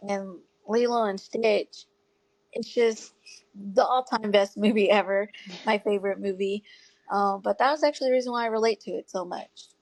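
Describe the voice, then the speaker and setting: A woman in her thirties telling her story as an interview guest, earnest and tearful at times, with soft laughs. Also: mid-range voice, normal speed, no room sound, rough recording. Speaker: guest parent advocate. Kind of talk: emotional personal storytelling.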